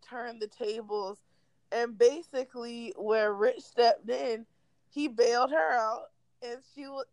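A young woman co-hosting a podcast, telling a story in an animated, slangy, comic way. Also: fairly high pitch, no echo, rough recording. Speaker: podcast co-host. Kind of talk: casual storytelling chat.

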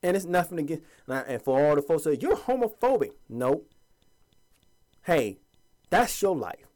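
Fiery, animated man preaching. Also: on the high side, normal speed. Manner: preachy, fiery, mocking voices of others. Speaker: commentator addressing viewers. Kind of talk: impassioned monologue.

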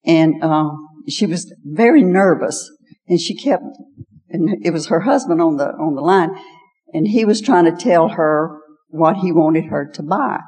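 A woman's voice: deep voice, unhurried, darkish tone, big-room sound. An older woman giving a folksy personal testimony as a guest speaker at an evening women's gathering. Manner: folksy storytelling, repeats "I said". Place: large hall at an evening event.

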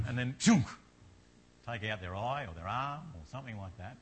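A man's voice: lowish voice, animated, moderate pace, bright, forceful tone, husky. A man preaching a sermon in an earnest manner, building to fervent repetition.

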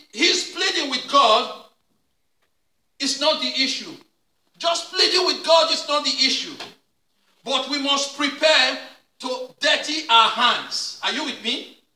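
A male pastor preaching a sermon with repeated call-and-response questions, sometimes rising to a shout. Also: extremely high pitch. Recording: echoey room, mic at a distance.

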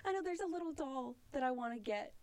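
A woman's voice: high-pitched, lively intonation, quick pace, a little mellow. A woman co-hosting a podcast, chatting casually about a movie, laughing a lot and swearing. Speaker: podcast co-host. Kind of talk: casual movie review chat.

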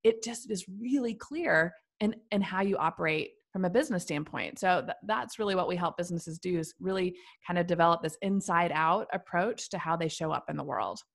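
A woman's voice: lowish voice, a little fast, creaky, few pauses. A woman guest in an interview, explaining her branding work in an earnest, thoughtful way, building her points in lists. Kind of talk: conversational interview answers.

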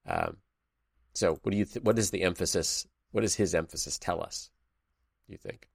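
A man's voice: sits low, huge pitch swings, moderate pace, vocal fry, husky, no room sound, studio quality. A man hosting a conversational Bible study, thoughtful, reading passages aloud between fillers. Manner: thoughtful, reads scripture aloud, many fillers. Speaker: podcast host leading Bible study. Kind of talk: casual conversational Bible discussion.

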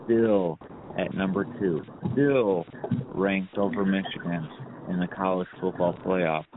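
Low-voiced blunt man on a tinny line. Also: unhurried. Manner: blunt, hyped, swears often. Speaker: sports podcast co-host. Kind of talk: casual sports chat. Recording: tinny phone-like line with hiss.

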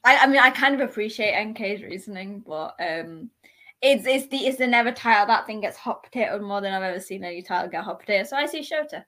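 A young woman co-hosting a casual wrestling podcast, talking in animated bursts and often restarting her sentences. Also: mid-range voice, fast. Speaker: podcast co-host.

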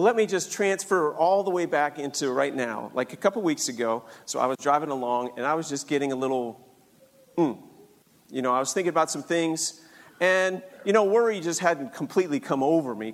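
A man's voice: on the high side, brisk. Earnest older man telling a story. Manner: earnest, animated storytelling with acted-out voices. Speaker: speaker sharing a faith story. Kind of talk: personal storytelling talk. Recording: long hall reverb.

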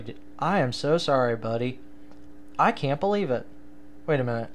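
A man's voice: medium pitch, lively intonation, normal speed. A young man hosting a casual solo sports podcast, rambling and self-deprecating, with many fillers and restarts. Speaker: podcast host.

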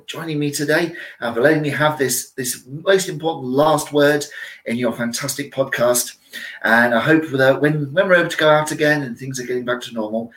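A man's voice: medium pitch, fairly bright tone, rough recording. A man telling a story in character as a costumed storyteller, with a theatrical delivery and playful asides to his listeners. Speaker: costumed storyteller at a visitor attraction. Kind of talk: theatrical first-person storytelling.

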